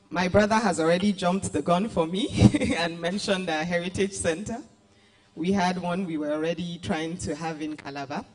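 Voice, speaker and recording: A woman giving a formal yet chatty speech at an award night, laughing often between points, into a stage mic in a large hall. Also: fairly low pitch. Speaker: guest speaker, arts agency director.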